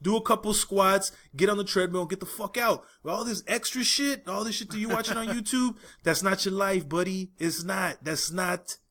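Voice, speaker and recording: A man co-hosting a podcast, ranting loudly with lots of swearing and laughter in casual chat. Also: high voice, normal speed, few pauses. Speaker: podcast co-host. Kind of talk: profane comedic ranting chat.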